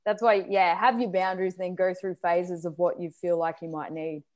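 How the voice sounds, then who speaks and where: A woman's voice: fairly low pitch, flat delivery, moderate pace, darkish tone. Chatty woman co-host. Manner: chatty, laughs easily, acts out quotes. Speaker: podcast co-host. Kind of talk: casual chat.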